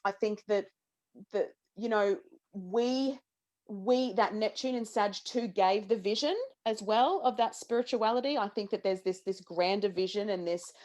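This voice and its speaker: A woman in her thirties, a podcast co-host, talking in a lively, casual way with lots of restarts and the odd swear word. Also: medium pitch, measured pace. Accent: Australian. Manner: animated, swearing, many restarts. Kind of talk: casual astrology chat.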